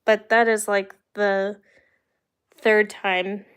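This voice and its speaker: A young American woman hosts a livestream, chatting casually through rambling personal stories for her live viewers and laughing now and then. Her medium-pitched voice stays level in tone, clear and resonant, and she speaks very slowly.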